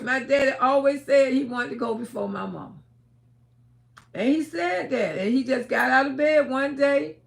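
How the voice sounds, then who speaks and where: Gravelly, high-pitched woman. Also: steady tone, moderate pace. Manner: emphatic, swings between hushed and shouting. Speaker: livestream host. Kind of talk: casual storytelling livestream.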